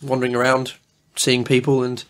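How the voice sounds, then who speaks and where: Mid-voiced man, relaxed podcast guest who asks questions. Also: mid-range voice, moderate pace. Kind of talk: casual chat.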